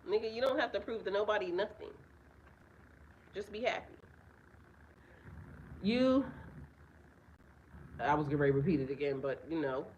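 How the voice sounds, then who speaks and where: A woman in a yard, giving a loose, chatty astrology reading to her viewers. She speaks in an animated, blunt way, swears freely and laughs often, with a mid-range voice. Faint outdoor ambience hums behind her. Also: mid-range voice, normal speed, pauses often, dull audio, slight background noise. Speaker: spiritual reader and life coach. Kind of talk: casual astrology reading to camera. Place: outdoors in a yard with birds nearby.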